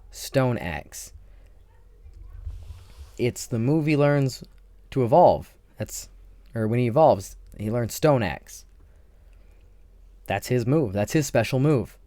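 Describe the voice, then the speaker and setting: A man hosting a gaming channel, talking casually and excitedly about a video game, thinking aloud as he goes. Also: mid-range voice, dry recording. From Ireland. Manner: enthusiastic, rambling, thinks aloud.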